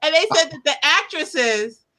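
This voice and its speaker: A woman's voice: high-pitched, expressive, a little slow, pushed and bright. A woman interviewer chatting casually about films, laughing often and trailing off mid-sentence.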